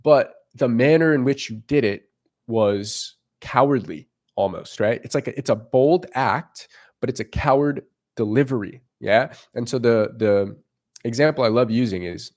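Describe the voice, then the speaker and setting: A young man talking as a dating coach in a casual monologue, animated and swearing freely as he acts out little scenes. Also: mid-range voice, measured pace.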